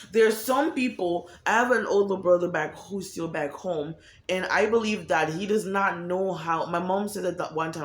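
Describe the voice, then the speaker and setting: A woman giving a candid, profane monologue about emotions, acting out quoted voices as she talks. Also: fairly low pitch. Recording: echoey room.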